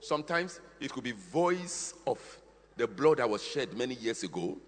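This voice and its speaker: A man preaching a sermon with emphatic, repetitive phrasing, swinging between hushed and loud. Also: mid-range voice, big pitch swings, moderate pace. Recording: long hall reverb.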